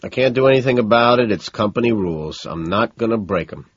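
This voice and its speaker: A man's voice: fairly low pitch, expressive, a little fast, slightly rough, dry recording, dull audio. A man voicing a sarcastic, stubborn male limo driver with a smug, mocking manner.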